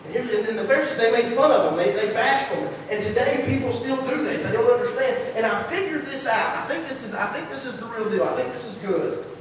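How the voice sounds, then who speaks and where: Male preacher, folksy and lively, high voice, distant mic in a booming church hall. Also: brisk, slight background noise. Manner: folksy, energetic, rhetorical questions. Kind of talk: sermon. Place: church sanctuary.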